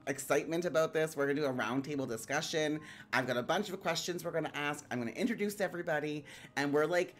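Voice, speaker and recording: A woman hosting a live stream, excitable and bubbly, rambling casually and giggling often. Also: low-pitched. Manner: rambling, lots of "like" fillers. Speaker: streamer hosting a round table.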